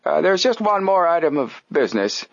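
A man doing a stately rich old gentleman. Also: on the high side, very animated, fairly quick, creaky, dry recording, dull audio, pitched above the performer's own voice. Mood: formal. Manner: formal, declaring. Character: stately wealthy older man, formal.

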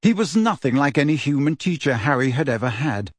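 A man reading a story aloud as narrator, in steady storytelling that gives each character a voice. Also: medium pitch, a little fast, slightly rough, dry recording. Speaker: audiobook narrator. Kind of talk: scripted narration.

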